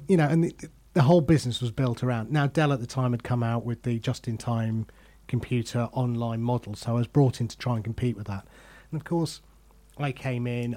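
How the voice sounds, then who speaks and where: In a casual conversation on his podcast, a middle-aged host pokes fun at himself while sharing stories from his working life. His voice is mid-range and a touch mellow.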